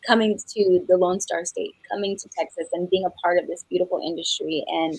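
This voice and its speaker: A woman's voice: on the low side, fairly even intonation, fairly quick, darkish tone, slightly rough, dry recording, rough recording. A middle-aged woman from New Mexico, a singer chatting as a guest in an interview, rambling with lots of fillers and restarts and laughing easily. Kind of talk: casual interview chat.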